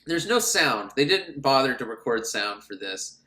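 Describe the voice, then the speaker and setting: A sarcastic man retelling a film's plot with mocking asides, his voice bouncing lively up and down. He sits in a roomy, echoey space. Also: medium pitch, moderate pace. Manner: sarcastic, mocking, acts out characters. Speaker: film reviewer. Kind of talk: comic film recap. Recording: roomy echo.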